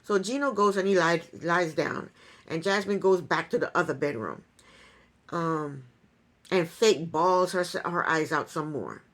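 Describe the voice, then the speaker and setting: A woman's voice: on the low side, unhurried, a bit bright. A woman giving a casual reality TV recap in an opinionated, sarcastic way, with chuckling asides.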